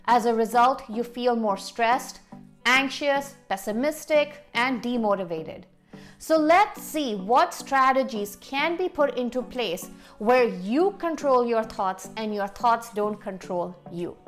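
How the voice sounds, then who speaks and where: A woman's voice: fairly high pitch, lively intonation, slow, faint music behind. A woman life coach giving earnest, direct self-help advice. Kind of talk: motivational coaching talk.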